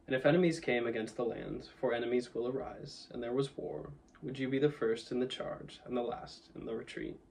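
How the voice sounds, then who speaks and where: A man voicing a wise, commanding male lion who speaks in a solemn, measured way, with some distance from the mic. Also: medium pitch, gravelly, darkish tone, slight background noise, close to an everyday voice.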